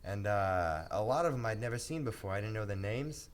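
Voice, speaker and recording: A man's voice: lowish voice, expressive, brisk. A man telling a comic childhood story in an earnest, rambling way, with plenty of fillers.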